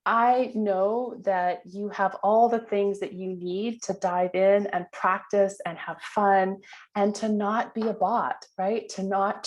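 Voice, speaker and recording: Woman trainer on a video call, chatty, loose and informal, full of fillers. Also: mid-range voice. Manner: chatty, with many fillers and restarts. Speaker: workshop trainer. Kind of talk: online training session.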